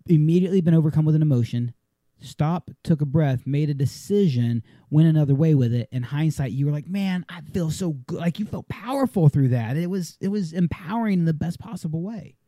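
Emphatic man with a very dark voice. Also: a little high, no echo. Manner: emphatic, motivational, swears. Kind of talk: casual podcast chat.

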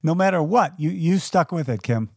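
A man's voice: a little high, expressive, moderate pace, slightly rough, dry recording. Encouraging man hosting a podcast, dry sound. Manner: encouraging, warm affirmations, small repeats. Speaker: podcast host. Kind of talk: supportive interview chat.

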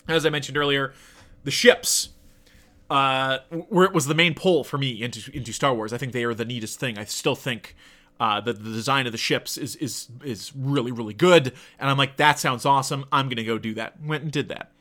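A Canadian man in his thirties, with a mid-range, sharp-toned voice at a moderate pace, tells a casual rambling anecdote about his past. The story is profane, digressive and self-deprecating.

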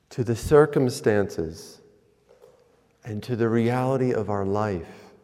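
Slow-speaking man preaching in a reverberant hall. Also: fairly low pitch, dark tone. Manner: slow, storytelling with pauses. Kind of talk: sermon.

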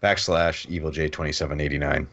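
A man's voice: very deep voice, fairly even intonation, fast, a bit bright. A man guesting on a casual podcast, laid-back and a little hesitant. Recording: slightly dull lo-fi audio.

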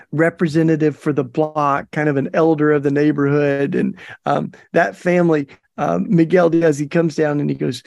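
A man's voice: fairly high pitch, vocal fry, a little mellow, no room sound, clean studio sound. A middle-aged man hosting a podcast, telling a story in a chatty, folksy way with plenty of fillers. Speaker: podcast host. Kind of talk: casual storytelling monologue.

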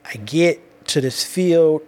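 Man with kids, casual personal storyteller, lively street slang, slightly higher pitch. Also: slow. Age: adult with children. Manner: animated, slangy, repeats himself and restarts.

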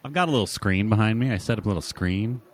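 Lowish voiced guy rambling on a podcast, chill, dry sound. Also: quick pace, no echo. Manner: laid-back, rambling. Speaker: podcast co-host. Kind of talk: casual chat. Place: home, upstairs room with a screen behind. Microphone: remote recording over Wi-Fi.

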